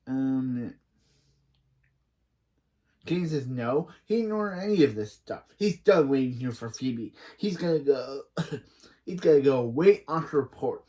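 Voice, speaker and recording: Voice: mid-range voice, lively intonation, slow pace, pauses often, dark tone. A reaction video host casually retelling a cartoon episode, rambling and restarting sentences.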